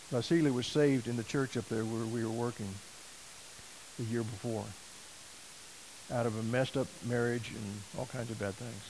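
A man preaching a sermon, telling a story in a folksy, animated way and acting out quoted voices. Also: medium pitch, normal speed, pauses often, slight background noise, rough recording. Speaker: missionary preacher.

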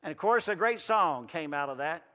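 Male preacher, folksy sermon, rising to loud emphatic runs, bright voice, long hall reverb. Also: on the high side, animated, moderate pace.

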